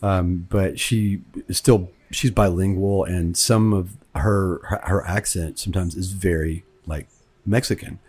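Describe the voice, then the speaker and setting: A man's voice: deep voice, fairly even intonation, measured pace, darkish tone, husky. A man from Kentucky, a film director, talking through his movie in a rambling, conversational commentary. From Kentucky, United States. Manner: rambling, conversational, repeats words as he thinks.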